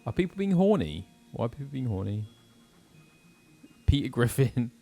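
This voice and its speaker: A man's voice: medium pitch, sing-song, normal speed, vocal fry, warm tone, faint music behind. A British man, a voice actor, chatting casually and self-deprecatingly while streaming a game. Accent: British English. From Britain. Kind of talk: casual gameplay chat.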